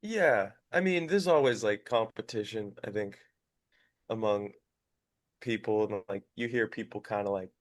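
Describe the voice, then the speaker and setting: Young man, low and hesitant, dry sound. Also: unhurried, dry recording. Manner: hesitant, many fillers. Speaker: musician guest. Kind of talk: casual chat.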